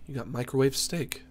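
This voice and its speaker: A man's voice: mid-range voice, very noisy. A man streaming a game, reading its text aloud and joking between laughs. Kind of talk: casual let's-play commentary.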